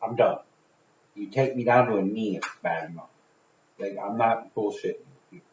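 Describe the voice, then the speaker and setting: Podcast guy clowning around and swearing, gets loud, echoey room, muffled sound. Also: lowish voice, moderate pace, a little hiss or hum. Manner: joking, profane, bursts of loud excitement. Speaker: podcast co-host. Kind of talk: casual podcast chat.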